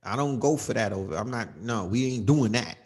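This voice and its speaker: A man's voice: medium pitch, a little fast, a little mellow, husky. A man hosting a livestream, ranting in an emphatic, profane, casual way, often asking "you know what I mean.". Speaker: livestream host.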